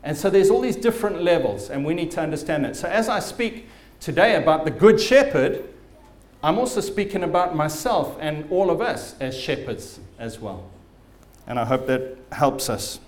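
A man's voice: fairly high pitch, lively intonation, moderate pace, roomy sound. A man preaching a sermon as pastor, telling stories vividly and with emphasis.

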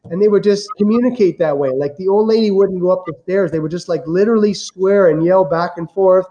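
A man as a podcast guest, telling stories in a lively, amused way. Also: high voice, a little fast, dull audio. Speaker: guest real estate investor. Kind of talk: casual storytelling.

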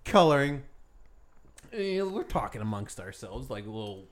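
A man's voice: mid-range voice, normal speed. A man co-hosting a podcast, giggling and telling stories in casual chat. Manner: giggly, animated storyteller. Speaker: podcast co-host.

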